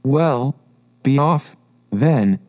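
A man's voice: measured pace, warm tone, highs cut off, lightly acted. A man voicing a fussy, sulky mother pigeon in a storybook, complaining and rising to a shriek. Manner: complaining, shrill when upset.

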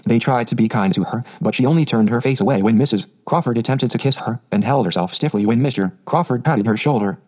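A man reads a classic storybook aloud in a steady, even way. His voice is mellow and dark-toned, sitting at an ordinary middle pitch. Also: fast, hardly any pauses, low-quality recording. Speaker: audiobook narrator. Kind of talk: scripted storybook narration.

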